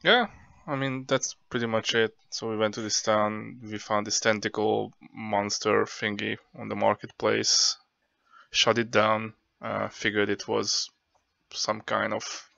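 Low, gravelly rambling man player. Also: level tone, a little slow, pushed and bright, dry recording, dull audio. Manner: rambling, loose, with many fillers. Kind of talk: casual recap of a tabletop game.

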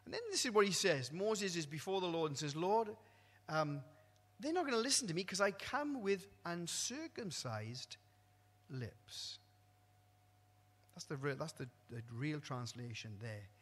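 A man with a fairly high, bright, forceful voice delivers a sermon, jumping from loud, ringing exclamations to hushed, low asides. His voice rings with the long reverb of a church hall. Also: animated, unhurried. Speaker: preacher.

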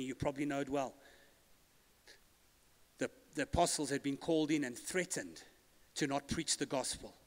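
High-voiced preaching man in a reverberant hall. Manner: call-and-response preaching, rising to loud declarations. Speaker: pastor. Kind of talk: sermon. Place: church hall. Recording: long church hall reverb.

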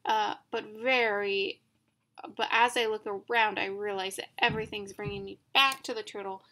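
A woman's voice: medium pitch, steady tone, moderate pace, bright, forceful tone. Casual woman explaining art over slides. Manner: informal, thinks aloud with many ums and self-corrections. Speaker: art teacher.

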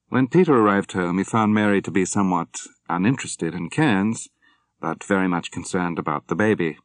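A man narrating an audiobook in a measured, understated way. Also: low-pitched, dry recording, studio quality. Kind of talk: scripted narration.

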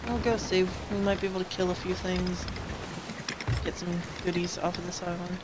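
A woman's voice: lowish voice, little pitch movement, moderate pace, very noisy. A woman streaming a video game live, chatting casually and thinking aloud to herself as she plays. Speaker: gaming streamer. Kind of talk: live gameplay commentary. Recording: loud game sounds behind voice. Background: loud ocean and boat game audio.

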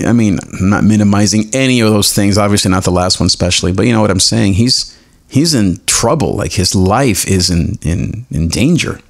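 A man hosting a devotional podcast, animated and self-mocking, who explains Hebrew words slowly and laughs often. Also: on the low side, gravelly. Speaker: podcast host.

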